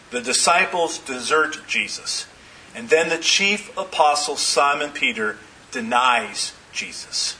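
Slow, bright-voiced male preacher. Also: on the high side, recorded from a distance, rough recording. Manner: dramatic storytelling with emphatic repetition. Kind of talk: sermon.

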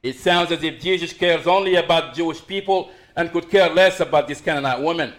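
A middle-aged man preaching a sermon as pastor, swinging between raised emphasis and quiet asides. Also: a little high, a little fast.

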